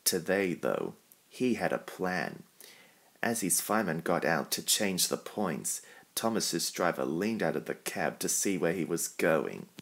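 A man narrating a children's storybook in a calm, even reading voice. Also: sits low, measured pace, gravelly.

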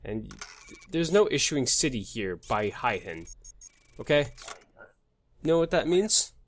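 A man's voice: medium pitch, very animated, slow pace. Crude joking gaming host, man. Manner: crude joking, mutters names and numbers while playing. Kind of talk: let's play commentary.

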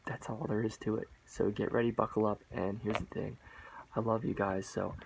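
A man with a low, gravelly voice delivers a mock sermon straight to his viewers. He circles back on his points, repeats lines for emphasis, and calls the audience guys and bro. A faint hiss sits under the recording. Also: level tone, normal speed, rough recording. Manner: repetitive, emphatic, rambling.

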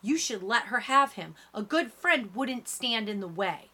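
A woman voicing a brash, angry junior-high girl. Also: lively intonation, a little slow, breathy edge, exaggerated voice. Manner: shouting, sharp retorts.

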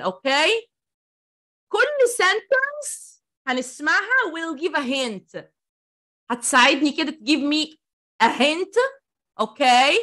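A woman, teaching an online English pronunciation class, animated and full of praise for her students. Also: high-pitched, moderate pace, long pauses.

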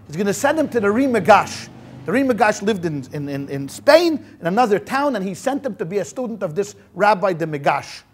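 Animated high-voiced man lecturing. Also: brisk, slightly rough. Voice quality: uses Yiddish words. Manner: animated storyteller acting out quotes, many restarts. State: sweating in a hot room. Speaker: rabbi lecturer. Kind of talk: storytelling history lecture.

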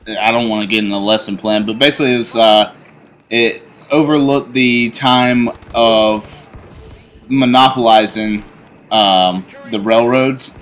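A man in his twenties telling a personal story in a casual, rambling way, full of fillers and restarts, growing animated as he recounts it. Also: fairly low pitch, slight background noise. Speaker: YouTuber telling stories. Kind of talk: casual storytelling over gameplay.

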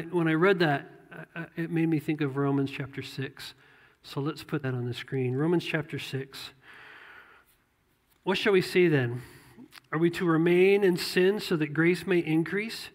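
Male pastor, sermon, high voice, conversational, repeats phrases, long church-hall reverb. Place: church sanctuary.

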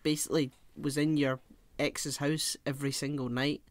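A man's voice: fairly high pitch, level tone, moderate pace, no echo. A man co-hosting a podcast, chatting casually about a film with blunt, sweary remarks and lots of restarts. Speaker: podcast co-host.

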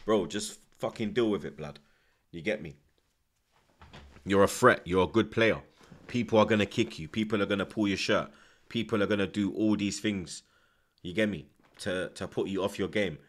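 A man's voice: lowish voice, normal speed, long pauses. A young man, chatting animatedly as he live-streams a football watchalong, full of slang and repeated tag words. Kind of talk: live stream match commentary and chat.

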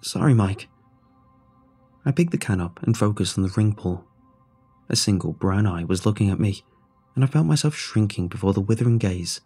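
A man narrating a horror story in a steady, measured way. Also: on the low side, breathy edge, faint music behind.

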